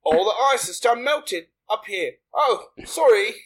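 A man's voice: sits high, lively intonation, measured pace, slightly rough, voice pushed up, full character voice, poor audio. A man putting on a cheery, apologetic mock-Canadian accent with Australian touches, calling people mate. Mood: jolly. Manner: bouncy, apologetic, comic. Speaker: game player.

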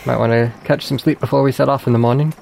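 A man's voice: medium pitch, steady tone, fast talker, vocal fry, darkish tone, a little hiss or hum, close to an everyday voice. A man voicing a male ship crewman on night watch, in a made-up accent that places him nowhere real. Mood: reassuring.

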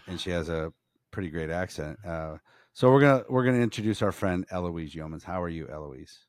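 A man hosting a podcast, rambling and halting, with plenty of swearing. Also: low voice, expressive, dry recording, studio quality. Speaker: podcast host. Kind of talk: casual podcast chat.

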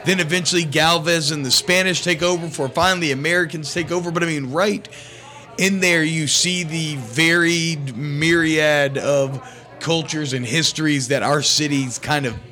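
A man's voice: on the high side, steady tone, moderate pace, pushed and bright. A man co-hosting a podcast, talking through ideas in a thoughtful, rambling way with frequent restarts. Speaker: podcast co-host. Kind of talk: casual chat.

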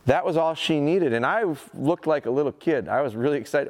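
A man in his forties giving a live dog training seminar, telling stories in an animated, folksy way and speaking to the audience. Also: on the high side, brisk. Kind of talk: live seminar talk with demonstration. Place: seminar hall at an outdoor show.

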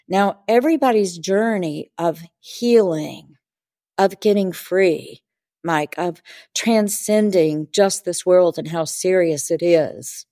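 A woman's voice: lowish voice, takes it slowly, mellow, dry recording, clean studio sound. A woman who works as a spiritual teacher, telling stories in an interview and acting out the dialogue earnestly. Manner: earnest, vivid storyteller who acts out dialogue. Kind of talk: interview storytelling.

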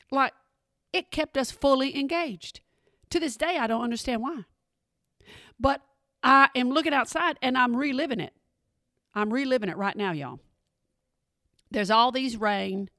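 Woman, middle-aged, podcast host, casual chat, slightly hoarse, a little high voice, dry close recording. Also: fairly bright tone, dry recording. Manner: chatty, addresses listeners as y'all. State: slightly hoarse, clearing throat.

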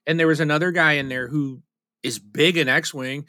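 A man's voice: fairly high pitch, steady tone, normal speed, bright, forceful tone, no echo, clean studio sound. A man co-hosting a podcast in casual chat, talking candidly and self-deprecatingly, rambling with restarts. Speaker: podcast co-host.

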